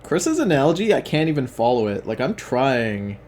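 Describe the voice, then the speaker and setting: A man's voice: medium pitch, very animated, moderate pace, darkish tone, a little hiss or hum. A man hosting a stream, giving casual, jokey commentary over videos. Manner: wry and jokey. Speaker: stream host.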